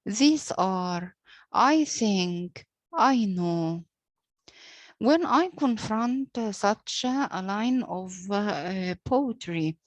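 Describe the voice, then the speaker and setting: Slow, careful woman teaching poetry meter. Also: medium pitch, no room sound. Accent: British-leaning English pronunciation. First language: Arabic. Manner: slow and deliberate, frequent "uh" pauses, spells out letters. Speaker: English literature teacher. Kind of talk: slow explanatory lecture.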